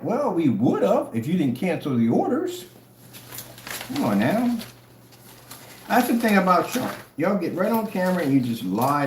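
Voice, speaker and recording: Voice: mid-range voice, darkish tone. A channel host in a casual rant to the camera, taunting and mocking. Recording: echoey room, faint noise.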